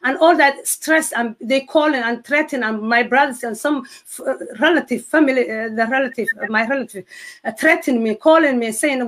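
High-voiced Somali-accented woman. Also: fairly bright tone. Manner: earnest, halting with restarts and broken grammar. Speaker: guest sharing testimony. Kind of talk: emotional personal testimony.

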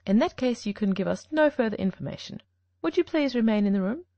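A shrewd, confident detective who lays out his reasoning with authority, as a woman reader takes on his lines. The voice rises and falls with lively swings of pitch, and a gravelly edge creeps into it. The storybook reading sounds dry and close. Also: quick pace, no room sound, muffled recording. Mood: stern. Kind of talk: audiobook reading.

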